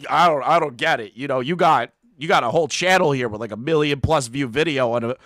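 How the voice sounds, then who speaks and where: A man's voice: mid-range voice, fast, a bit bright, no echo, clean studio sound. A man hosting a commentary channel, ranting in a profane, mocking way and laughing between jabs.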